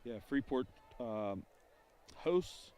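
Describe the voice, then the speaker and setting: A man giving relaxed, chatty color commentary at a high school football game and reading out other scores. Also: drawn-out words, slight background noise.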